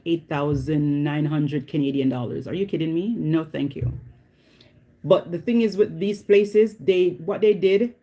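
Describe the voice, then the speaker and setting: A woman's voice: deep voice, dark tone. A woman chatting casually to camera as a vlogger, repeating herself and often checking in with the listener. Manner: chatty, repeats herself, often asks "you know what I mean".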